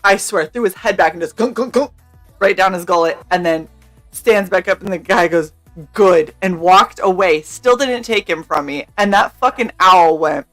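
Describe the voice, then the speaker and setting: A woman's voice: fairly low pitch, moderate pace, fairly bright tone, soft background music. A young woman telling a story on a live stream in casual chat. She talks animatedly, laughs often, swears freely and acts out what people said. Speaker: streamer co-host.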